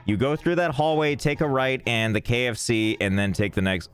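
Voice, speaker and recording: With a clear, resonant, medium-pitched voice at a moderate pace, a man streams a game live and jokes around with chat in a loose, irreverent way, swearing freely. Soft music plays behind him.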